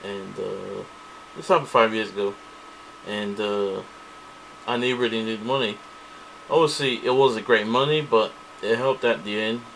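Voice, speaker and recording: A man's voice: lowish voice, fairly even intonation, a little slow, vocal fry, a bit bright, slight background noise, low-quality recording. A man ranting angrily to camera, profane and repetitive, circling back to the same complaints. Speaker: vlogger. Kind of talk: angry ranting monologue to camera.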